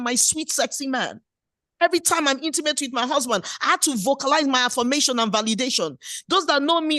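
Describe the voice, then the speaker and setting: Middle-aged woman pastor, high voice, dry close sound, playful and exhorting. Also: fairly bright tone, dry recording. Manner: playful, exhorting preacher who acts out little scenes. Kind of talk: sermon.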